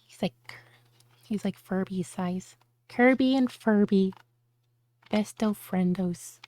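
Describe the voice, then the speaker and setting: A woman's voice: medium pitch, slow, mellow. A woman streamer chatting casually on a live stream, bubbly, with cutesy baby-talk words.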